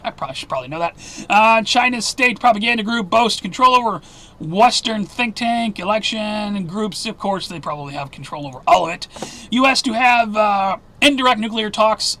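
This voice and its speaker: A man hosting a weekly news roundup, talking fast with sarcastic asides and fillers. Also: sits high, pushed and bright. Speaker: news commentary host.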